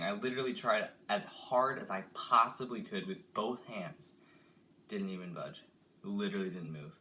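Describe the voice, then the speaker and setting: A man's voice: on the low side, bright, forceful tone. Frustrated young man muttering on a live stream. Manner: frustrated, muttering and sighing while working. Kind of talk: casual live stream chat. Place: home, working on a toy car.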